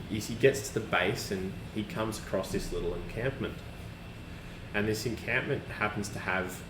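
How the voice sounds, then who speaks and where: A man runs a tabletop game in a low voice, rambling and circling back over his own words. The recording is echoey and has a clear hiss behind it. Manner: rambling, with many restarts and fillers. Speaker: game master. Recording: echoey room with background hiss.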